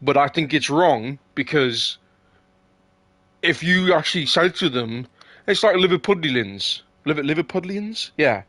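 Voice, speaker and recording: A man's voice: on the high side, expressive, a little slow, fairly bright tone, no room sound. A man arguing heatedly in casual chat, swearing often and tripping over his words. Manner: heated, swears freely, stumbles and repeats himself.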